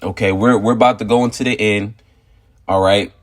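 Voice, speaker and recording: Low-voiced man giving a rambling testimony. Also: steady tone, a little fast. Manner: rambling storyteller, constant "you know" fillers; emphatic, repeats "okay" and "all right" to drive points home. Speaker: religious teacher sharing a testimony. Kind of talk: informal spiritual testimony and teaching.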